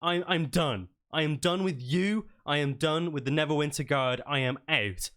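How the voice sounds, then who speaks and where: A man's voice: medium pitch, lively intonation, slow. A man voicing a defiant young male guardsman who speaks emphatically.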